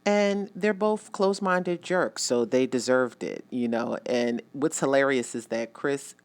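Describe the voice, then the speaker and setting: Very deep-voiced woman reviewing movies. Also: a little slow. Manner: chatty, addresses viewers directly; emphatic and opinionated. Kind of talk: casual vlog review.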